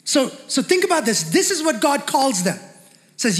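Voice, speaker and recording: A man's voice: very high-pitched, very animated, normal speed. A male pastor preaching a fervent sermon with call-and-response, in a large church hall. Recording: long hall reverb.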